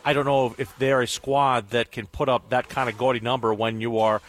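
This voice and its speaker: A man's voice: mid-range voice, flat delivery, normal speed. A man hosting sports radio talk, rambling and repeating words as he works through a point.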